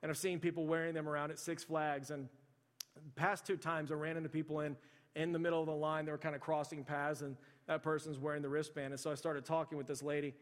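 A man preaching a sermon, telling a folksy story in a relaxed, conversational way with quiet voiced asides. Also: on the high side, quick pace. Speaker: pastor. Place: church sanctuary. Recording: long hall reverb.

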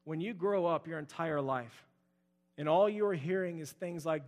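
A man's voice: fairly high pitch, moderate pace, in a large hall. A young adult man preaching a sermon as pastor, earnest and repetitive in his emphasis.

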